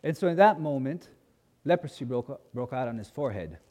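Male preacher, animated storyteller, reverberant church hall. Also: medium pitch, fairly quick. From grew up as a missionary kid in a mission. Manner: animated storyteller, acting out voices in quotes. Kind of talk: sermon with personal storytelling.

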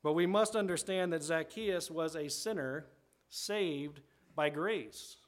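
Speaking slowly in a voice on the high side, a male pastor delivers his sermon like a conversation. He often checks in with his listeners and restates things while working through scripture.

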